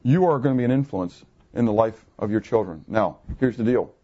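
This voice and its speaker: A man's voice: fairly low pitch, expressive, brisk, mellow, husky. A man in his fifties preaching a conversational sermon, asking his listeners questions and answering them himself. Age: 50s. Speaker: pastor. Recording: muffled, lo-fi recording.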